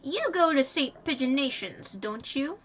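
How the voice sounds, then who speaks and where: A gang of sneering male pigeon thugs, pushy and rude, as a woman puts them on. Their lines come out taunting and menacing, with pitch that swings widely. The voice sits back from the mic. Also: lively intonation, unhurried, a bit bright, a little hiss or hum. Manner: sneering, threatening. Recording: distant mic, faint music behind.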